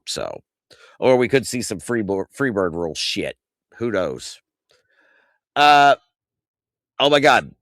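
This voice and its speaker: Animated ranting man, dry close mic. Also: slow pace, pauses often, no room sound. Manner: animated ranting, swings loud and high when outraged; profane, exasperated. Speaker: podcast host. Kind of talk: casual wrestling recap.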